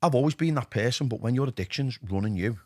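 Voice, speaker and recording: A middle-aged man with a Liverpool accent, telling his own story in a candid podcast interview. His voice sits in a middle register and moves between lively bursts and quiet, hushed asides. The sound is close and dry, with no room around it. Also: medium pitch, quick pace, no echo. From England. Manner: animated, drops to a hushed voice when quoting himself. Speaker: podcast guest, DJ.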